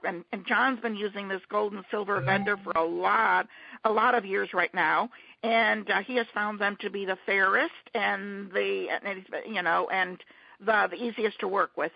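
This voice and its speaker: A woman hosting a teleconference casually, talking haltingly with many restarts and fillers over a muffled conference-call line. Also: medium pitch, fairly even intonation, creaky, no echo.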